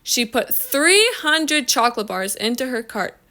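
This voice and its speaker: Slow, bright-voiced woman reading a story. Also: a little high, lively intonation. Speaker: reader. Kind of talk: children's story read-aloud.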